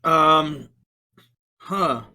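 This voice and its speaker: A man with a fairly high, bright voice describes his character's moves in a tabletop game. He speaks slowly and hesitantly, with many fillers. His voice sounds tense. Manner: hesitant, filler-heavy narration. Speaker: player.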